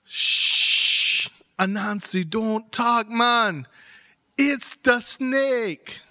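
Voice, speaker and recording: A man voicing a fearful male island villager, warning in hushed, urgent tones. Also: extremely high pitch, unhurried, pitched above the performer's own voice, exaggerated voice.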